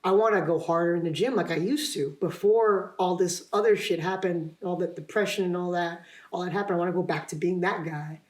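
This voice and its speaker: A man's voice: high-pitched, brisk, hardly any pauses. A young man, a podcast guest and actor, talking casually in a rambling, self-deprecating way, laughing often and restarting his sentences. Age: young adult. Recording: roomy echo.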